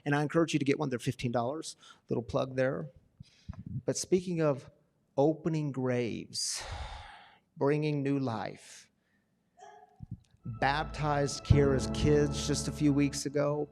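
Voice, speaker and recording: A man preaching to a recovery church community, telling a story with swings between loud and hushed delivery. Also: a little high, fairly even intonation, measured pace, gravelly, pauses often, faint music behind. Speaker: pastor. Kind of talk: sermon storytelling.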